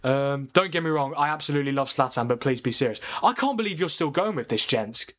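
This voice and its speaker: A man's voice: medium pitch, animated, quick pace. A man hosting a live watchalong stream, chatting casually, debating and answering viewers' comments. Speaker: livestream watchalong host. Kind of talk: casual live football chat.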